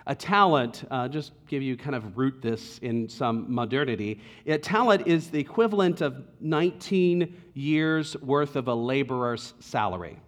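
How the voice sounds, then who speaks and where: A male pastor delivering a sermon in a conversational storytelling way, at times dropping to hushed tones. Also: mid-range voice, animated, moderate pace, few pauses, in a large hall.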